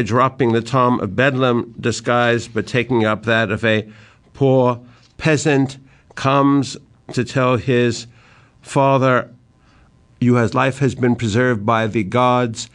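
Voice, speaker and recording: In a literature lecture, an older man whose mid-range voice has a fairly bright tone speaks slowly and deliberately, reciting lines of poetry with emphasis.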